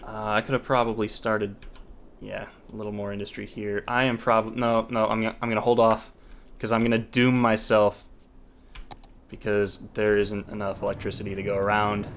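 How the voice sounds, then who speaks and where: A let's play host with a low-ish, monotone voice talks at a moderate pace amid slight background noise. His casual gameplay commentary has him thinking aloud, restarting sentences and trailing off, mildly exasperated.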